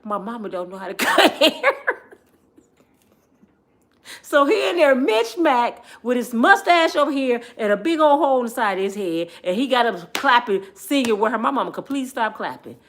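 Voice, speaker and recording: A middle-aged woman telling family stories in a casual vlog, lively and chatty, laughing often and talking straight to her viewers. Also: a little high, a little fast, hardly any pauses.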